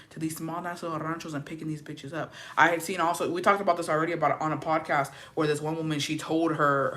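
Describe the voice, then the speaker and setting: A young woman hosting a casual livestream in a bright, forceful voice. She talks loudly and profanely with lots of energy, and sometimes drops into a hushed whisper. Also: low-pitched. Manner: loud, profane and animated, swinging to hushed whispers. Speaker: livestream host. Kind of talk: casual livestream chat reading viewer comments.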